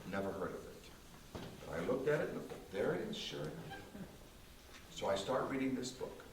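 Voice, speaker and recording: Man, church testimony, emphatic, slow and repetitive, echoey church, faint hiss. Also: mid-range voice, sing-song. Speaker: concert pianist giving a testimony. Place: small church. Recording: roomy distant church recording with faint hiss.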